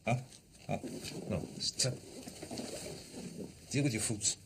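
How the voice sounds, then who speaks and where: An actor playing a crude, boastful tycoon who talks over everyone, in a satirical comedy film. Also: male voice, medium pitch, slow pace, vocal fry, noisy background. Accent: New York. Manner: boastful, interrupts, bossy, rambling.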